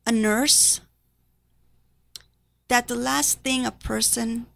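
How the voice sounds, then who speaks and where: A woman who is a nurse giving an emotional personal testimony to an audience, halting and sometimes dropping to a near whisper. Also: a little high, steady tone, creaky, fairly bright tone. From Spanish-speaking background.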